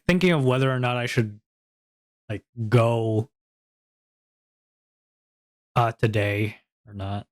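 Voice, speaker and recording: A man's voice: medium pitch, slow pace, pauses often. A young man chatting casually on his stream, rambling and self-deprecating with lots of fillers.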